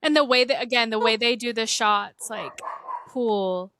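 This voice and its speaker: A woman's voice: a little high, unhurried, a bit bright, slight background noise. A young woman cohosting a podcast in casual chat, hesitant and full of fillers. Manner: hesitant, lots of "like" and trailing off.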